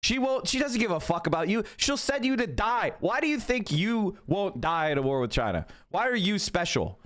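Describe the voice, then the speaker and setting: A man rants at his viewers, cursing and mocking his critics. His voice is lively, rising and falling a lot, and sits a little high. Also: moderate pace. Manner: combative, profane, mocking. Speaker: political streamer. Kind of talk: live-stream rant to chat.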